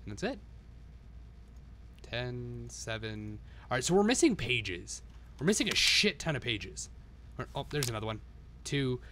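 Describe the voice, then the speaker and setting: A man's voice: medium pitch, very animated, normal speed, pauses often, pushed and bright, slight background noise. A man streaming himself playing a game, swearing constantly and talking to himself as he goes. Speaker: live streamer. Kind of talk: live-stream gameplay commentary.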